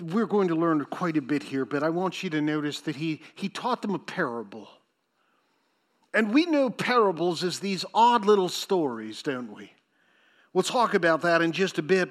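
A man preaching a sermon in a conversational way, talking directly to the congregation with asides. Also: a little high. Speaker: pastor.

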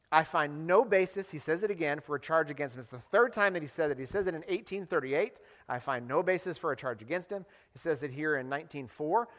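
Male pastor, high-pitched, animated preaching, echoing church hall. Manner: animated, acts out quoted lines. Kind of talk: sermon.

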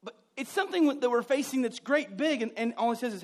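A man preaching a sermon, joking with the congregation and acting out scenes, swinging from loud outbursts to hushed asides. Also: very high-pitched, fast talker. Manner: animated and joking, acts out scenes. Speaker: pastor.

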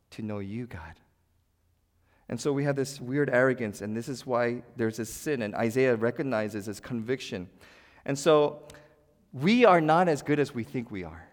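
A man preaching a sermon, his voice rising into loud emphatic bursts and then dropping to a near hush. His pitch sits in a middle range, and a long church reverb trails after his words. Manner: dramatic swings between loud emphasis and hushed quiet. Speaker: pastor.

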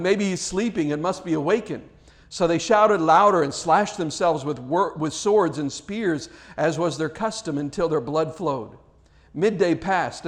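A male pastor reading scripture, praying and preaching an earnest sermon, lifting his voice on quoted cries and repeating words as he speaks freely. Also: fairly high pitch.

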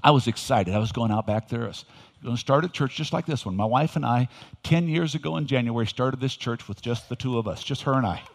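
An older man, a pastor, preaching a sermon with folksy storytelling that swings into loud emphasis. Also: mid-range voice, fast talker, vocal fry. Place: church sanctuary. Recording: reverberant hall.

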